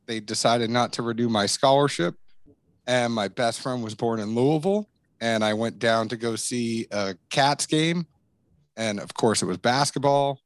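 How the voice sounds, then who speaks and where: A man's voice: mid-range voice, normal speed, no room sound. A man from Massachusetts with a mixed, faintly New England accent, telling stories as a podcast guest in casual interview chat with self-deprecating humor. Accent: mixed, faint Massachusetts trace. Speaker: podcast guest, bourbon content creator.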